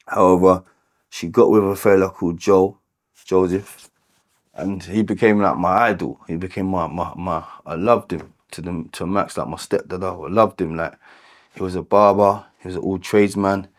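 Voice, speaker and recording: Low-voiced London man telling his story. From London, England. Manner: halting, repeats words and restarts, many filler "like"s. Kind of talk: candid personal storytelling.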